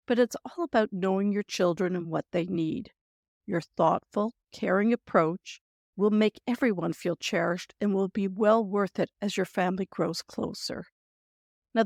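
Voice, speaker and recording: A woman hosting a parenting podcast, giving gentle, reassuring advice and sample phrasings in a scripted talk. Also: mid-range voice, creaky, dry recording, clean studio sound.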